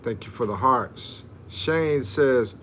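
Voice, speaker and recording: Chatting loosely with his livestream audience, a middle-aged American man reads their comments aloud and cracks jokes. His mid-range voice is slow and fairly bright, over slight background noise.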